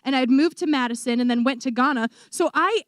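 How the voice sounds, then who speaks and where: High-voiced young woman telling an animated testimony. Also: quick pace, dry recording, clean studio sound. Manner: animated storytelling, acts out quoted voices. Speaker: missionary speaker. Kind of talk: testimony talk to a church audience.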